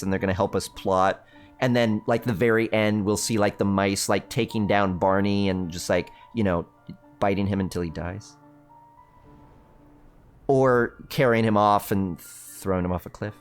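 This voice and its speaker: A man hosting a livestream, reading a spooky choose-your-own-adventure book aloud in a theatrical, playful way with joking asides. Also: fairly low pitch. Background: faint background music.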